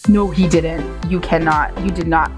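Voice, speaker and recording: A woman's voice: deep voice, measured pace, music in the background. A woman hosting a reaction video, chatting casually, teasing and laughing a lot. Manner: animated, teasing, laughs often.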